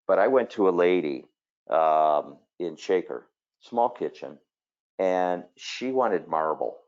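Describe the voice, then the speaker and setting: A man with a very low voice talks through a design webinar in a loose, conversational way, full of asides and stories. The audio sounds a little dull and lo-fi. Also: a little mellow. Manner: conversational, storytelling with fillers. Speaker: kitchen designer. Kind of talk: webinar presentation.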